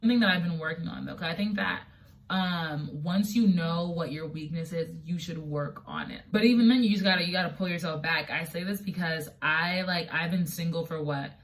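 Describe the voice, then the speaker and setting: A woman's voice: fairly low pitch, fairly quick, far from the mic. A woman in her twenties, a guest chatting casually, telling stories with lots of fillers and acting out what others said. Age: 20s. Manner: animated storytelling, acts out quotes, many fillers. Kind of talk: casual chat.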